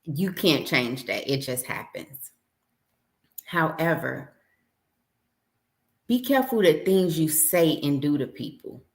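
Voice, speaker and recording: Low-pitched woman host, casual storyteller, brings quoted dialogue to life. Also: slow, pauses often, roomy sound. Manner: animated storyteller, acts out dialogue. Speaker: livestream host. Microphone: home livestream setup.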